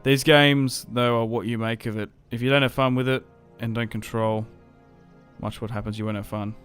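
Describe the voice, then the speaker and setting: A man's voice: mid-range voice, fairly even intonation, moderate pace, a bit bright. An easygoing young Australian man who chats to his viewers in a loose, rambling way, full of "um"s and restarts. His voice sits in an ordinary middle range for a man, and faint music plays under him. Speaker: streamer. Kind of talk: casual livestream chat while playing a strategy game.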